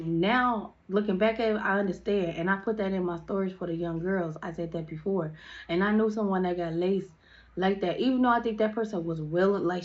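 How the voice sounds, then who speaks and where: A woman's voice: fairly low pitch, darkish tone, muffled recording. A young woman chatting through a storytime in a casual, slangy way, with lots of "like" fillers.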